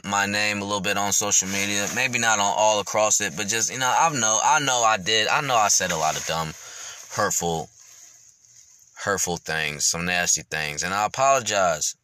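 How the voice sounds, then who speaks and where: Guy on his podcast just keeping it real, kinda low voice but bright, rambly and swears a lot, dry mic. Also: clean tone, no echo. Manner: reflective, rambling, many fillers, swears freely. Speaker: podcast host. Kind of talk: candid podcast monologue.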